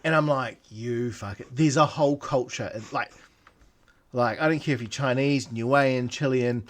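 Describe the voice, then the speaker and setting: A man with a New Zealand accent, co-hosting a podcast and telling stories in an animated, profane, ranting way. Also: mid-range voice, normal speed. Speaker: podcast co-host. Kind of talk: casual storytelling chat.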